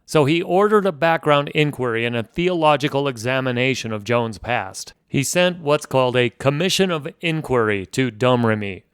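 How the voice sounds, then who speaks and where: A man narrating a history podcast in a relaxed, conversational way, adding dry, wry asides as he goes. His voice is smooth and resonant at a middle pitch. The sound is dry and close, with no room echo. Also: normal speed, hardly any pauses.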